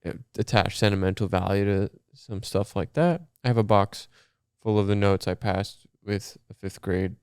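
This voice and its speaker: An easygoing man co-hosting a casual podcast chat, poking fun at himself. His voice sits low and comes across very smooth and clean, recorded close with no room sound. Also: normal speed, a little mellow, dry recording. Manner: easygoing, self-deprecating, laughs often. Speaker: podcast co-host.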